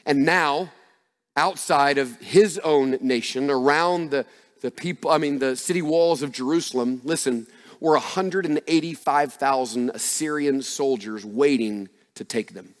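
A male pastor preaching a sermon in an emphatic style that builds to loud passages. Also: mid-range voice, unhurried. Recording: long reverb of a large hall.

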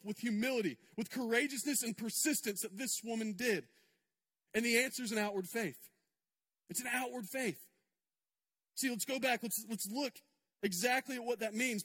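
A man's voice: extremely high pitch, fairly bright tone, big-room sound. A male pastor preaching a sermon in a church, conversational and emphatic, with repetitions and asides to the congregation. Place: church sanctuary.

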